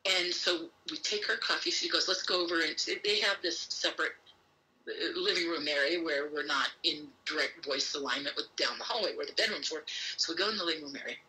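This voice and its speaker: A woman with a very bright, keen tone tells a long personal story in an interview. She swings her pitch up and down to voice the people in it, fills gaps with "you know" and "so," and talks while pacing on a remote call. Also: brisk, rough recording. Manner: acts out others' lines with shifting pitch, many fillers. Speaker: guest, abductee recounting experiences. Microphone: phone or remote call while pacing.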